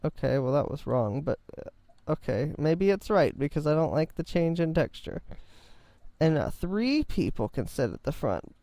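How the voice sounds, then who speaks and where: A man's voice: on the high side, sing-song, moderate pace, vocal fry, mellow, no echo. A man giving rambling, self-mocking, jokey commentary while building in a game. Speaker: game video host. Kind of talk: casual gameplay commentary.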